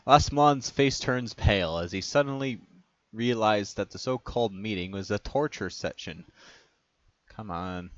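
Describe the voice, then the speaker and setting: A man's voice: on the low side, a little slow, dry recording. A man reading fan stories aloud and making sarcastic comments on them. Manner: sarcastic, laughs at his own remarks. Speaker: reader and commenter. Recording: dull dry lo-fi recording.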